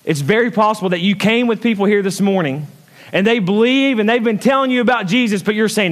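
A male pastor preaching a sermon, emphatic, swinging between loud high peaks and quiet low asides and putting questions straight to the congregation. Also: fast. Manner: emphatic preaching with big swings in pitch and loudness; calls out and questions the congregation directly.

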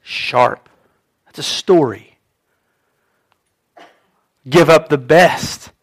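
A man's voice: fairly high pitch, extremely slow. A male pastor preaching a sermon in an earnest way, repeating his phrases and voicing prayers aloud.

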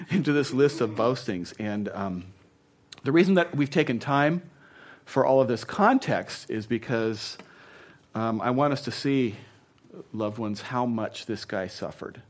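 A man preaching a sermon as pastor, playful and animated, swinging from loud asides to quiet earnest talk. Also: fairly low pitch.

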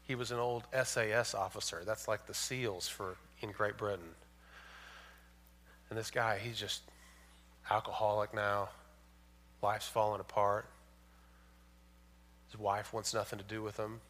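A man preaching a sermon, swinging from loud emphatic points to hushed storytelling. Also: fairly low pitch, little pitch movement, measured pace, long pauses. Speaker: pastor.

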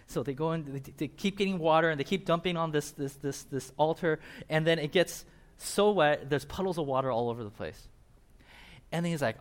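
A man's voice: on the high side, fairly quick. A man preaching a sermon, telling a Bible story with energy and acting out the quotes. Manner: animated, acts out quotes in changing voices, laughs often. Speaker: pastor.

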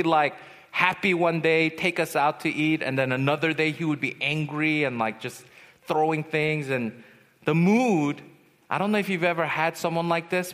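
A man giving a personal testimony as a retreat speaker, storytelling and swinging from hushed to loud. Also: on the high side. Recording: long hall reverb.

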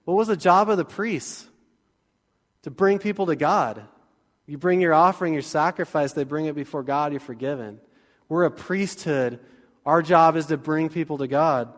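A fairly high-voiced man preaching a sermon in a church sanctuary. He keeps it casual and joking, then builds into energetic bursts. His voice carries a long, ringing church reverb. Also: normal speed. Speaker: pastor.

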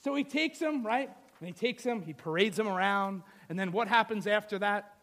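A man's voice: sits high, normal speed, fairly bright tone. A middle-aged male pastor preaching a sermon, telling the story with playful asides and acting out the scenes.

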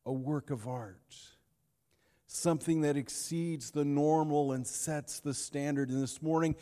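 A man preaching a sermon, telling a story with dramatic pauses and shifts between loud and hushed. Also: fairly high pitch, long reverb tail. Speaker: pastor.

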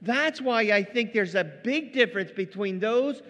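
High-voiced man preaching in a reverberant church. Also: unhurried. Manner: animated preaching, acting out quoted voices. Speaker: pastor. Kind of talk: sermon.

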